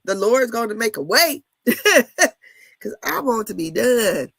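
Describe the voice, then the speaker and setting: Woman, 50s, reality TV commentator; casual, blunt, gravelly, laughs a lot. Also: fairly high pitch, lively intonation, unhurried, a bit bright, no room sound. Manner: candid, laughing, blunt with cussing. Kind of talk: casual chat.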